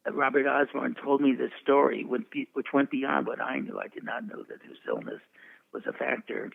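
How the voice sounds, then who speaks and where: An older man in his eighties spins long, wandering show-business stories and keeps chuckling as he goes. His voice is deeply gravelly and full of fry. It reaches the listener through a thin, phone-like channel. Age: 80s. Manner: chuckling, rambling storyteller. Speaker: veteran publicist guest. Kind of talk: anecdotal interview storytelling. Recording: tinny phone-like line.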